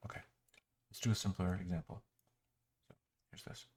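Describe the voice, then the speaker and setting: A man's voice: deep voice, steady tone, moderate pace, pauses often, darkish tone. A man giving an exasperated, sarcastic running critique of an app while muttering and clicking through it. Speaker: software reviewer. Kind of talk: screen-recorded software critique.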